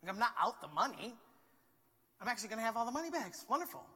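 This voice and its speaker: A man preaching a sermon as pastor, talking in a conversational, animated way and acting out quotes. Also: high voice, big-room sound. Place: church sanctuary.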